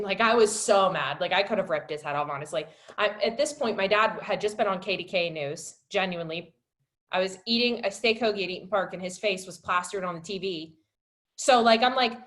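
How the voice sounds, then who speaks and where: A young woman in her twenties, a wellness coach telling her personal story on a webinar in an emotional, filler-heavy way, rising high and loud when she relives moments. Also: brisk. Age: 20s.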